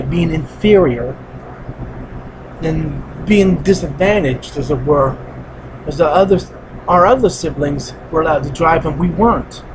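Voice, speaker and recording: Earnest man with a high voice, heavy-hearted solo monologue that circles back to the same points. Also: noisy background. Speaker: vlogger. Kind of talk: personal spoken monologue.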